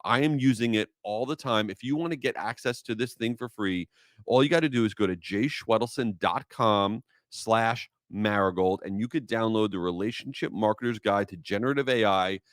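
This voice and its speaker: A man's voice: on the low side, normal speed, dry recording, studio quality. A man hosting his own podcast, talking casually with energy and enthusiasm, drifting into rambling asides. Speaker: podcast host. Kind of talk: casual solo podcast talk.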